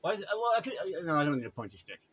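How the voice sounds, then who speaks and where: A man's voice: a little high, very animated, racing, a bit bright, a little hiss or hum. A man vlogging from a shop counter on his phone, rambling and stammering with wry remarks. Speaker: vlogger filming a shop visit. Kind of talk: casual running commentary.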